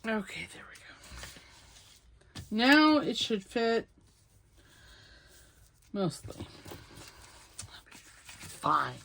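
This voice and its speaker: A woman's voice: mid-range voice, very animated, extremely slow, vocal fry, long pauses, a bit bright, a little hiss or hum. A middle-aged woman chatting casually to herself as she works on a craft project, self-deprecating and rambling. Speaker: crafting channel host. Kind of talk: casual chat while crafting.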